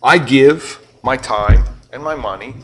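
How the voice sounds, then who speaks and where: Soft music plays in the background as an older pastor gives a sermon, speaking unhurriedly with a medium pitch. He challenges the congregation with questions and moves between loud emphasis and hushed remarks.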